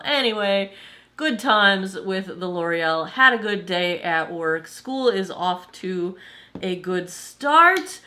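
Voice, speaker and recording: A woman in her forties, slightly hoarse, giving a chatty, enthusiastic makeup review as a vlogger and laughing often. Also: on the low side, a little slow, sharp tone. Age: 40s. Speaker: beauty vlogger.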